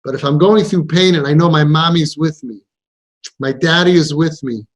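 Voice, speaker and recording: A man's voice: fairly high pitch, normal speed. A man coaching parents in an impassioned counseling talk, stressing points by repeating them and mixing in Yiddish and Hebrew words. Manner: emphatic, repeats phrases for stress.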